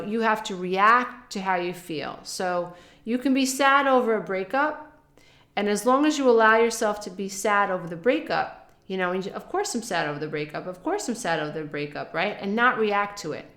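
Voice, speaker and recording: A woman's voice: medium pitch, fairly bright tone, roomy sound. A woman talking casually to camera about emotions and healing, soothing and repetitive, often speaking in affirmations. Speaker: spiritual wellness teacher. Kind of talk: casual advice monologue to camera.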